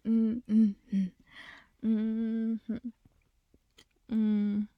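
A young woman plays a doting girlfriend in a whispered role-play. She speaks softly and very slowly in a slightly high voice, with playful giggles throughout. The sound is close and dry, with no room echo. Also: monotone, narrow, tinny audio.

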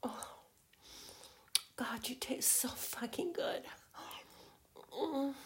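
A woman in a whispered role-play as a girlfriend, teasing in slow, breathy whispers broken by soft hums. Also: fairly high pitch.

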